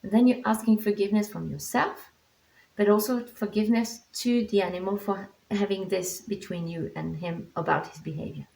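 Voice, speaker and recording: A woman teaching animal communication techniques in a calm, reassuring way, explaining step by step with frequent restarts. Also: mid-range voice, moderate pace, vocal fry. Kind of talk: instructional vlog. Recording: echoey room.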